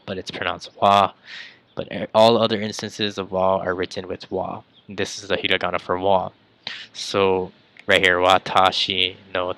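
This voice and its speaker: A man explaining Japanese phrases in a casual, chatty lesson, often calling his viewers "guys" and filling pauses with um and like. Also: low-pitched. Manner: relaxed, filler-heavy, addresses viewers as guys. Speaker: language teacher.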